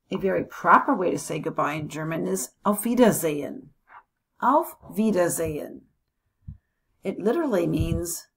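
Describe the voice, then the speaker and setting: A woman from the United States teaching a language lesson, slowly modeling phrases and repeating them for students. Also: lowish voice, creaky, a bit bright, husky.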